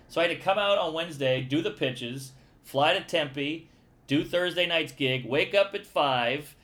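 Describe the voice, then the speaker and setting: A man animatedly telling a profane, excitable story in casual conversation, acting out his own panic. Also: on the high side, unhurried.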